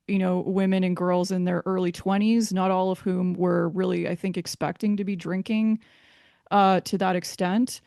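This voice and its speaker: A woman's voice: on the low side, flat delivery, normal speed, creaky, warm tone, clear, resonant tone, no echo, clean studio sound. A woman being interviewed, giving a candid personal account in a hesitant way, often restarting her sentences.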